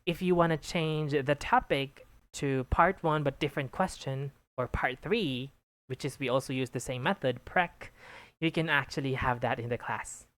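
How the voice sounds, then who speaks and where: A woman with a low voice gives patient, encouraging feedback in a one-on-one English lesson, checking in often with "okay". The sound is dry and close, with no room around it. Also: normal speed, no echo. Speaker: English tutor giving exam feedback.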